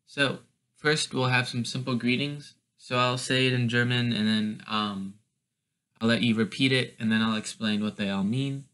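A man's voice: medium pitch, steady tone, normal speed, fairly bright tone, smooth. A man teaching a casual language lesson, explaining step by step with a hesitant delivery and many fillers.

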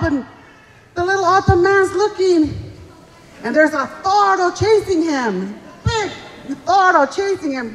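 A woman's voice: a little high, normal speed. A woman telling folksy, teasing stories as emcee and stand-up comedian at a live show. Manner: folksy, chatty, teasing the audience. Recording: live show in a reverberant hall with audience.

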